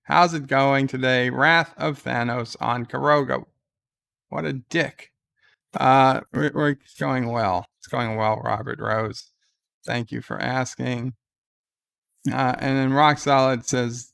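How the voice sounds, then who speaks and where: A man's voice: medium pitch, steady tone, slow, gravelly, fairly bright tone, clear, resonant tone. A weary man hosting a casual livestream at home, reading viewer comments aloud with wry asides. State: exhausted. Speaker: livestream host. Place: at home in bed.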